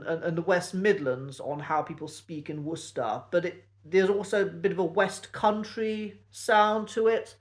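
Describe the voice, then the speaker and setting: An English man with a posh Received Pronunciation accent, talking to camera in a measured, precise way with frequent pauses and ums. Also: high-pitched, a bit bright. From England. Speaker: accent teacher and channel host. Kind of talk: reflective solo talk to camera.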